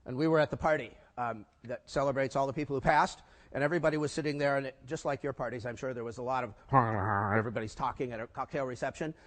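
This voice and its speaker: An older man giving a conference talk, telling lively stories and tossing rhetorical questions at the audience. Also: mid-range voice, fast. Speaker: keynote speaker. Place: conference hall before a live audience. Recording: long reverb of a large hall.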